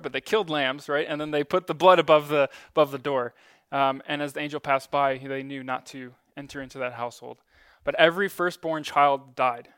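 A man gives a relaxed, conversational sermon, leaning on ums and small jokes at his own expense. His voice sits a little higher than most men's and comes across smooth and resonant. The sound is close and dry, with little room echo. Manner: conversational, many ums, self-deprecating asides. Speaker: preacher. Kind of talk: casual sermon teaching.

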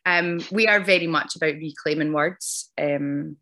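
A woman's voice: low voice, measured pace, sharp tone. A woman hosting a podcast interview, talking earnestly and effusively with many ums and restarts. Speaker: podcast host. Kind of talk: casual interview chat.

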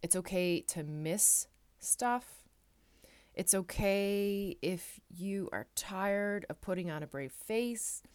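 A woman hosting a solo podcast, speaking gently and reassuringly in heartfelt, repeated affirmations, a little tearful at times. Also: mid-range voice, animated, slow, clear, resonant tone. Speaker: podcast host.

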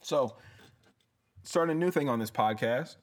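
A man's voice: medium pitch, expressive, unhurried. A male comedian hosting his podcast, ranting in a heated, profane way and often tossing in "bruh". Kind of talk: casual comedic rant.

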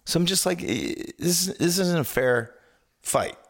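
Lively stammering man telling stories. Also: measured pace. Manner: animated storyteller, swings pitch wide, stammers on restarts. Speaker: podcast co-host. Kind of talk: casual chat.

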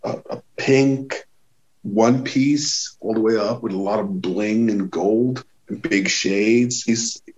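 A man from Sweden tells a story in loose, casual chat. He swears freely and jumps into the voices of the people he quotes. His voice sits somewhat low, and the recording sounds dull and muffled. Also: slow pace. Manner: animated, swearing, acts out quotes with raised voice. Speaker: touring musician telling a story.

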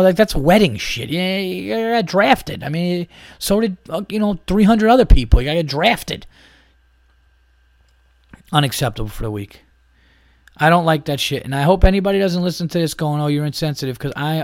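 A man's voice: medium pitch, no room sound, studio quality. A man hosting a podcast, ranting in a casual, profane, exasperated way with many restarts. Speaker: podcast host.

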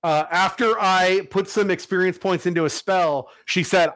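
A man's voice: sits high, steady tone, normal speed, fairly bright tone, dry recording. A man hosting a casual podcast chat, rambling and profane, with many restarts.

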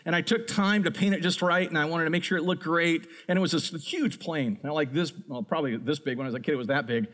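A middle-aged man preaching a sermon, telling a childhood story in an animated, storytelling way. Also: high-pitched. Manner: animated storyteller, builds to excited peaks. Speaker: pastor.

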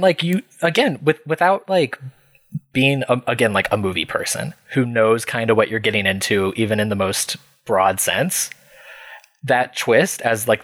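A man's voice: mid-range voice, a bit bright, no echo. Chatty male podcast guest, dry sound. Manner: chatty, laughs while telling, many fillers. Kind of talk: casual storytelling.

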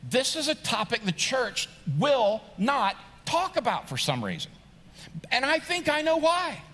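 In a large church sanctuary full of long reverb, a middle-aged pastor delivers his sermon in a high-pitched, fairly bright voice. His style is chatty and humorous, climbing toward emphatic, rising moments.

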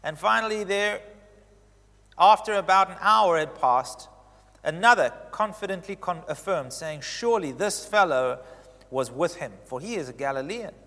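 Preacher in a reverberant hall. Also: male voice, moderate pace. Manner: expressive storytelling, swinging from emphatic highs to hushed reflection. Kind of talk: sermon.

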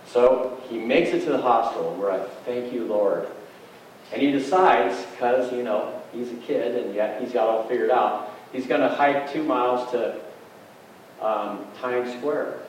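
A man's voice: medium pitch, a little slow. Middle-aged man telling a folksy sermon story. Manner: folksy, conversational, plain-spoken. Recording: echoey hall, distant mic, faint noise.

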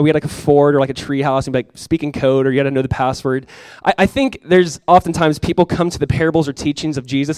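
A young adult man preaching a sermon as pastor, casual and chatty with many fillers, praying softly and slowly at times. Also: fairly high pitch, no room sound. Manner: soft, slow prayer.

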